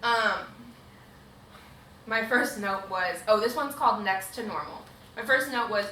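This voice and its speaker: A woman's voice: mid-range voice, measured pace, pushed and bright, roomy sound, recorded from a distance, a little hiss or hum, rough recording. A woman co-hosting a casual podcast recap, blunt and opinionated. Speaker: podcast co-host.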